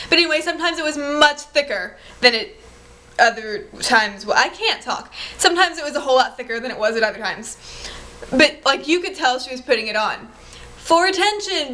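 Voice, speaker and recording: A woman vlogging casually to camera, rambling in an exasperated, excitable way. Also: high voice.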